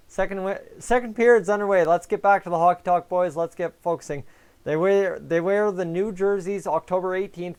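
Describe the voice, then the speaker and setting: A man's voice: on the high side, a little mellow, smooth. A young man hosting a live fan stream, chatting casually about the game and answering viewers by name over a headset mic. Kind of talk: casual fan commentary and chat replies.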